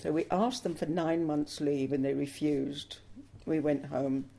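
A woman's voice: deep voice, steady tone, a little slow, creaky, dark tone. An older woman from England, telling her life story in an interview with earnest emotion. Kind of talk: personal testimony interview.

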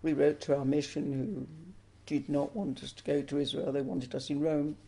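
Older woman with a gravelly voice. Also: sits low, flat delivery, moderate pace, mellow. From England. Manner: earnest, emotional storytelling. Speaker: interviewee. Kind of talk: personal testimony interview.

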